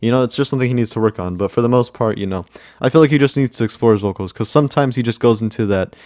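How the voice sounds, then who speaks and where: A man reviews music in a casual, rambling way, often repeating himself and leaning on fillers. His voice sits at a middle pitch and sounds dry and close, with no room echo. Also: rapid-fire, darkish tone. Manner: rambling, with many repeats and "you know" fillers. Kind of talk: casual commentary.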